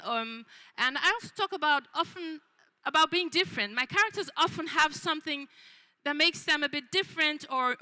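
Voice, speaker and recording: A woman's voice: high-pitched, bright, forceful tone, poor audio. A woman author giving an unscripted talk about her children's book, with frequent ums and restarts. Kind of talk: book fair talk to an audience.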